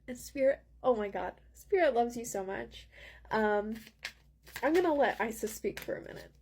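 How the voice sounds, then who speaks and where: A woman working as a spiritual mentor, giving an earnest, gentle, rambling channeled tarot reading with frequent ums. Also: fairly high pitch, animated, normal speed, slightly rough.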